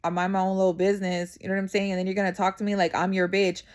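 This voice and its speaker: A woman's voice: medium pitch, level tone, racing, smooth. A young adult woman vlogging straight to camera in a casual venting monologue, blunt and profane, full of slang and constant "you know what I'm saying" asides.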